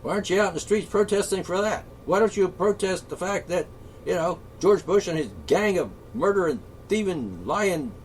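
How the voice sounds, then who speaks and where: A man delivering an angry, profane solo rant, sarcastic and swinging between shouting and muttering. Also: high-pitched, expressive, normal speed, a little hiss or hum. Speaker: political commentator.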